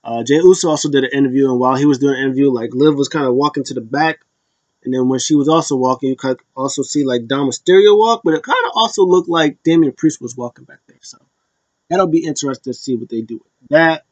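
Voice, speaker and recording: A wrestling recap vlogger delivers a casual, rambling rundown full of fillers and restarts. He talks fast in a mid-range voice, and the recording is dull, lo-fi, and dry with no room sound.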